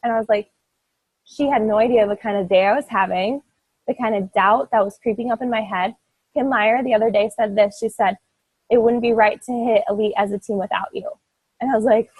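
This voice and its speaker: Earnest husky young woman coach. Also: mid-range voice, fairly even intonation, fairly quick, a little mellow, no echo, poor audio. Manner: earnest, emphatic, rambling with many "like"s. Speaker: fitness team coach. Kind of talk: motivational talk to her team.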